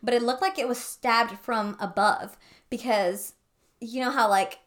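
A woman's voice: a little high, fairly even intonation, unhurried. Swearing young woman telling a story. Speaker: podcast co-host. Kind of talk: casual chat.

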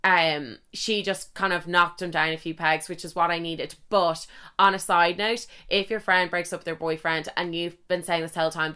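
A woman's voice: fairly low pitch, moderate pace, clean tone. A young woman hosting a podcast, talking frankly and casually with lots of swearing and acted-out asides. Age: young adult. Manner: chatty, frank and swearing, with lively quoted asides. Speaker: podcast host. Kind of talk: casual solo podcast chat.

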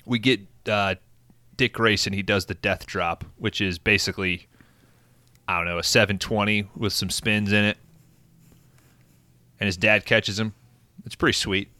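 A man's voice: lowish voice, fairly even intonation, moderate pace, long pauses, pushed and bright, no room sound. A man casually recapping a movie plot on a podcast, laid-back and profane, with lots of fillers. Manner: laid-back, swears often, frequent fillers. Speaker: podcast host recapping a film.

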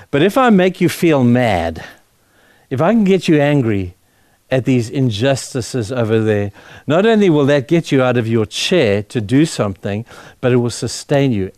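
A middle-aged man gives a sermon as a guest speaker at a church. His talk is conversational, full of asides, and he leans into passages with fervent force. His voice sits at an ordinary pitch for a man, and the recording is close and dry. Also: a little mellow, no echo. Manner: conversational, building to fervent emphasis.

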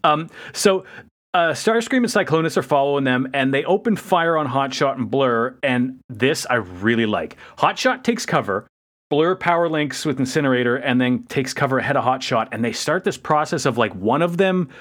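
A man co-hosting a podcast, recapping a cartoon episode in a rambling, casual way with animated quotes. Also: mid-range voice, moderate pace. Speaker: podcast co-host.

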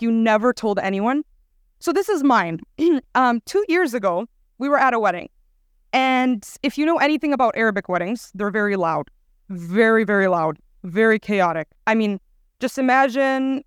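A woman's voice: fairly high pitch, clear, resonant tone, no room sound, studio quality. Chatty young woman preaching to youth. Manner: chatty, animated, lots of "like". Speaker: guest youth speaker. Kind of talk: casual storytelling sermon.

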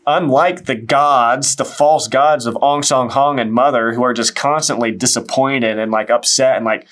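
A man's voice: mid-range voice, fairly even intonation, normal speed, a bit bright. A man hosting an interview, talking earnestly and encouragingly about faith, with many restarts. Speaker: interviewer, show host. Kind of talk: casual faith conversation.

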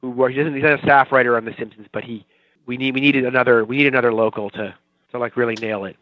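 A man's voice: medium pitch, steady tone, fast, highs cut off. A man in his forties from the Boston area, a TV writer talking casually as an interview guest, rambling and self-mocking. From Boston area, Watertown.

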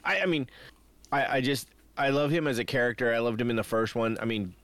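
A man's voice: medium pitch, fairly quick, fairly bright tone. A man co-hosting a casual movie podcast, talking with rambling enthusiasm and frequent restarts. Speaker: podcast co-host.

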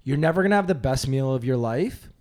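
A young man hosting a casual podcast chat, telling stories in a quick, chatty way. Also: mid-range voice, lively intonation, darkish tone. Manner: fast, chatty storyteller. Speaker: podcast host.

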